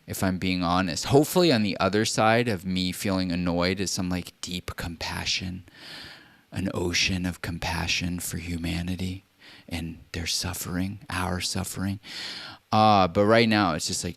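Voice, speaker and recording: Guy with a deep smooth voice cussing a lot on a livestream, close dry mic. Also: fairly even intonation, measured pace, a bit bright, no echo. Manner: profane, blunt ranting. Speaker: streamer. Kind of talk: casual livestream monologue.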